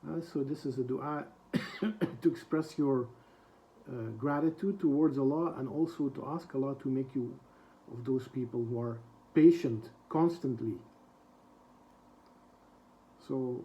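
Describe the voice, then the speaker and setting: Reciting quoted prayers at speed and then translating them slowly, this man leads a reflective book lesson marked by frequent soft hesitations. His pitch is medium, and the audio sounds dull.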